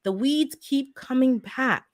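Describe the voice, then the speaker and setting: Gardening host, woman, higher register, fired-up conversational storyteller. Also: slow pace, dry recording, studio quality. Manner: animated, heated storytelling. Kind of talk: casual chat.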